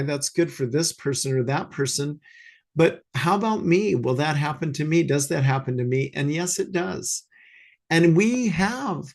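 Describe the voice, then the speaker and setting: A man giving an informal spiritual talk to a small congregation, earnest and conversational, pausing and restarting as he thinks aloud. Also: on the high side. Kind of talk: informal sermon. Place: talk to a small congregation, also streamed online.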